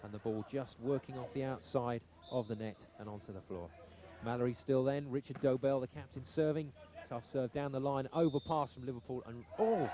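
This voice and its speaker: A male play-by-play commentator with a mid-range voice, calling the action in brisk, excited bursts. His voice comes through an old television broadcast with clear background noise. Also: medium pitch. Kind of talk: live sports commentary.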